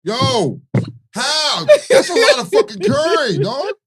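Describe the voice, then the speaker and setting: A man's voice: very high-pitched, wildly swooping pitch, slow pace, very noisy. A Baltimore man co-hosting a morning radio show, chatting casually and profanely, often asking "you know what I mean.". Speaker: radio co-host.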